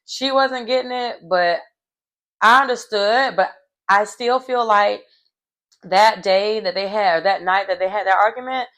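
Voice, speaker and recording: A woman talks straight to her viewers, recapping reality TV drama in a casual, chatty way. She's gossipy and emphatic. Her voice leaps high when she's shocked. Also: measured pace, fairly bright tone.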